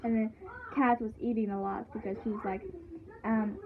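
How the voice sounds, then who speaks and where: A woman's voice: on the high side, little pitch movement, normal speed, background noise. A woman chatting casually as she recaps a show, rambling with lots of fillers and restarts. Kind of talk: casual chat. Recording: tinny phone-like sound.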